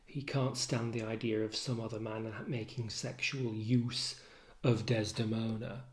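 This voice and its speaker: A man teaching literature, giving a deliberate, analytical explanation in a recorded lesson. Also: fairly low pitch, little pitch movement. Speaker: literature tutor.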